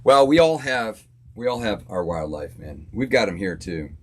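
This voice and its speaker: A Florida musician speaks in a lowish, husky, expressive voice as he hosts a live stream from his home studio. He chats casually with viewers, relaxed and easily amused.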